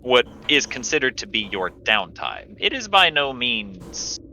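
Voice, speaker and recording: A man's voice: medium pitch, sing-song, measured pace, bright, forceful tone, a little hiss or hum, low-quality recording. A man narrating a tabletop game as game master, describing scenes with small restarts.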